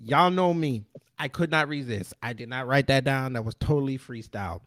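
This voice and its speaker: A man's voice: mid-range voice, moderate pace, background noise. A man hosting a podcast, brash and joking, with slangy casual banter. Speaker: podcast host.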